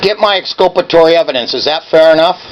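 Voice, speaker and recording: Calling an office in a rage, a man in his seventies badgers and berates whoever picks up. He talks fast in a fairly high pitch, and the lo-fi audio carries slight background noise.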